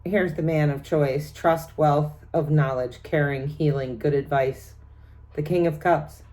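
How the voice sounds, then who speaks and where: A chatty middle-aged woman talks through a tarot spread for her viewers. Her voice sits low, and she rattles off each card's meanings in long lists, breaking into laughs between them. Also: fairly even intonation, measured pace, a little mellow. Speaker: tarot reader. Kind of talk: casual tarot reading vlog.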